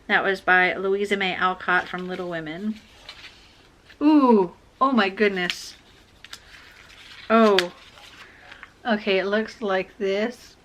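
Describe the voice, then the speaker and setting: A woman chatting casually as she unboxes book subscription boxes, gushing excitedly over each item. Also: mid-range voice, slow pace, pauses often, a little hiss or hum. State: has the hiccups.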